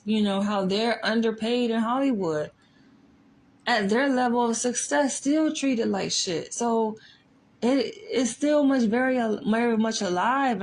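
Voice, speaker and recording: Emphatic woman psychologist with gravelly edge. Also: medium pitch, slight background noise. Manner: emphatic, rhetorical "right?" asides. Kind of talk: casual commentary.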